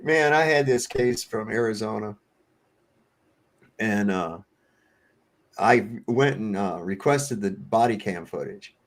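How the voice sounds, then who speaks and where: A Virginia man with a lowish voice hosts a livestream from his home setup, speaking slowly with frequent pauses. He tells casual stories full of swearing and laughs often.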